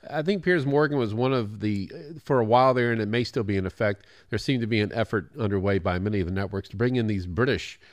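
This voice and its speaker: A man's voice: on the low side, fast, few pauses, no room sound. An American man co-hosting a radio talk show, trading wry, self-deprecating comments in casual chat from the studio. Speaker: radio co-host.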